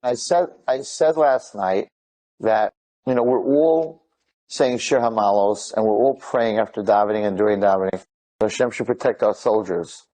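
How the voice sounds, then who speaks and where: A man, retelling stories in an excited, rambling way, mixing in Hebrew and Yiddish words. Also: fairly low pitch, normal speed. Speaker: speaker telling inspirational stories. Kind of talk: animated storytelling talk.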